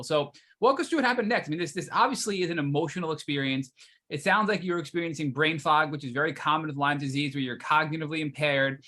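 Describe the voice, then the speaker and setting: Bright, emphatic male podcast host. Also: a little high, fast talker. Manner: emphatic, sums up the guest's story and voices quoted lines. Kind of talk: interview questions.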